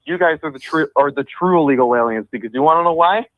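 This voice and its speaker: An angry male caller ranting into a talk radio show. His voice is mid-pitched and dry, coming through a muffled, lo-fi phone line. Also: quick pace, no room sound. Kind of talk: call-in rant.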